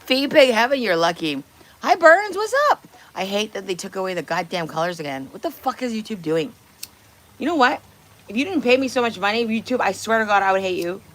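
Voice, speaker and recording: A woman livestreams casually from her home kitchen, bluntly chatting with viewers, teasing them and swearing freely. Her mid-range voice swings widely in pitch, sounding brisk and a bit bright.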